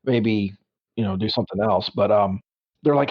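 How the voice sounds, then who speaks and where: A man's voice: on the low side, normal speed. A man co-hosting a podcast, chatting casually, joking and swearing, laughing often. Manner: laughs a lot, profane and joking. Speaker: podcast co-host. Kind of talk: casual chat. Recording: dull lo-fi podcast audio.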